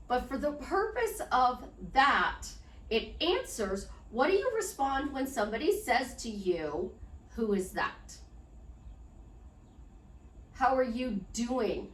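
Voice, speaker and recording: A woman's voice: sits high, sing-song, a little slow. A woman life coach chatting in an unedited, upbeat vlog, promoting herself and talking straight to her viewers. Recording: echoey room, distant mic.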